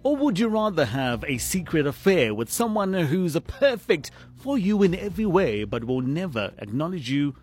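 A man hosting a lively morning radio show, mixing English with Zulu slang. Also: fairly high pitch, normal speed, few pauses, slightly rough, faint music behind.

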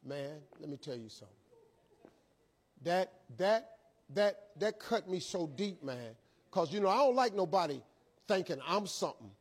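A man telling an animated, colloquial motivational story with lots of repetition. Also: high voice, normal speed, breathy edge.

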